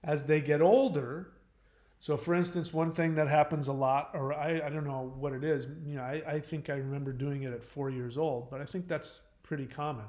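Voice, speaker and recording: A man's voice: fairly high pitch, steady tone, normal speed, a little mellow. Man talking casually in an echoey room. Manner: rambling, with frequent restarts and fillers. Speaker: host. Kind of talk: casual livestream talk.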